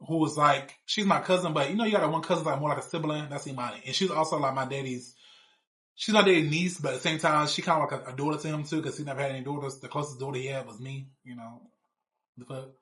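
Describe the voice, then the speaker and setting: A man's voice: on the high side, fast talker, fairly bright tone. A man in his thirties telling a personal story in a casual, blunt, rambling way with plenty of swearing. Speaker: show cast member.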